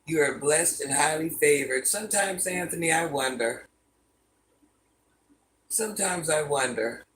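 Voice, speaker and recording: An easygoing grandmother chats on a livestream, reading viewer comments and answering them one by one while addressing viewers by name. Her low voice is unhurried and a bit bright, with long pauses and slight background noise.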